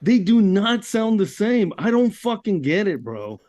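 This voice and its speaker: A laid-back podcast host from the United States, his voice a touch high for a man. He chats casually and swears now and then. The recording is dry and close, with no room sound. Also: sing-song, a little slow, darkish tone, dry recording. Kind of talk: casual chat.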